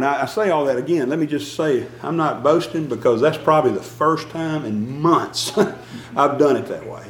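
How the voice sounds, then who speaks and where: A man's voice: a little high, roomy sound, rough recording. A man preaching a conversational sermon as a church elder, folksy and self-deprecating, chuckling often.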